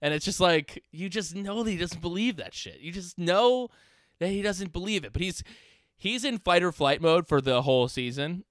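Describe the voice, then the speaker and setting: A man's voice: high-pitched, lively intonation, normal speed, fairly bright tone, dry recording, clean studio sound. A man co-hosting a casual podcast, chatty and agreeable, laughing often. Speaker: podcast co-host. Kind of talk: casual chat.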